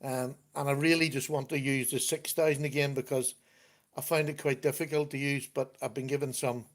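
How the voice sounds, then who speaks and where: A man's voice: mid-range voice, steady tone, fairly quick. A man hosting a casual livestream from his computer at home, chatting, laughing often and reading out viewer comments. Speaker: livestream host. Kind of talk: casual chat.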